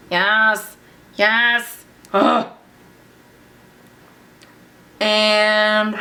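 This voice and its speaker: A young woman narrating a casual makeup tutorial, chatty and gushing over the products she uses. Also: medium pitch. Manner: gushing, breaks into excited squeals. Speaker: beauty vlogger.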